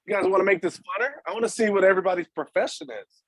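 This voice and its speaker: A man's voice: high-pitched, a bit bright, husky. A man from Texas co-hosting a webinar in casual, chatty banter over a video call. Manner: chatty, quick bursts of banter. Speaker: webinar co-host. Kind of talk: casual chat.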